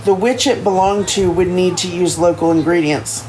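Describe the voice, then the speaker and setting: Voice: mid-range voice, fairly even intonation, normal speed, darkish tone, slight background noise, rough recording. Stumbling first-person novel reader. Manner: stumbling first-person narration with frequent self-corrections. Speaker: streamer reading a book aloud. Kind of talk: reading a novel aloud on a livestream.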